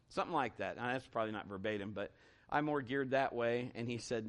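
Speaking at medium pitch and a fairly quick clip, a middle-aged man delivers a sermon as a pastor. His folksy story comes out lively, full of restarts and performed quotations.

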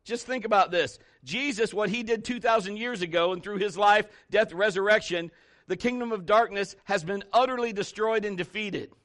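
A man preaching from the pulpit in a high, bright voice. He is emphatic and animated, repeating his points and acting out stories for his church. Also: normal speed. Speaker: pastor. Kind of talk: sermon.

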